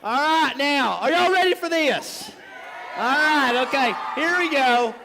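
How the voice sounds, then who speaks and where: A man playing a brash, over-the-top game guru in a live stage comedy skit, shouting to a crowd in a large hall. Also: very high voice, expressive, a little slow, vocal fry, noisy background, heavily acted. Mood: boastful. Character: over-the-top male game guru Blam, hyped showman. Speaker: stage performer in a comedy duo. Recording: reverberant hall with music behind.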